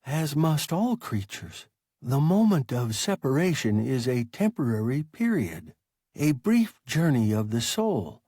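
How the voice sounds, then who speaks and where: A man voicing a calm, philosophical, large and sluggish alien creature that speaks in a measured, formal way in an audiobook. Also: mid-range voice, husky, dry recording, studio quality. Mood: calm reasoning.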